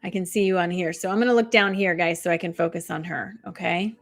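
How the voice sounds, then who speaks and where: A woman hosting a live stream, giving spiritual oracle card readings and chatting with viewers in a fast, soothing way. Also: lowish voice, fairly even intonation, vocal fry. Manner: talks fast. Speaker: intuitive reader and coach, live stream host.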